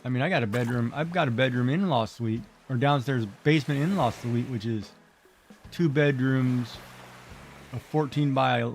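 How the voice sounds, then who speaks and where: A man's voice: mid-range voice, moderate pace. Rambling, exclamatory middle-aged male streamer. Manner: rambling, exclamatory, talks back to game characters. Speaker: game streamer. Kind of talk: casual chat while playing.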